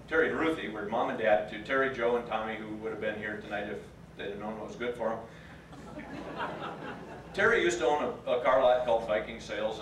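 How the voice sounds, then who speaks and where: A man's voice: fairly low pitch, fairly bright tone, a little hiss or hum. Man in his fifties telling a story in an echoey room. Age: 50s. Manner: folksy, plain-spoken, gets choked up. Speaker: reunion speaker. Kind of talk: storytelling speech to an audience. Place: large room at a class reunion. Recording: echoey room, picked up from a distance.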